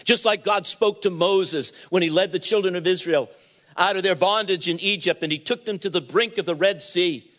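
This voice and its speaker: A man's voice: sits high, moderate pace, fairly bright tone. A man preaching a sermon as pastor, retelling a Bible story and acting out the voices in it.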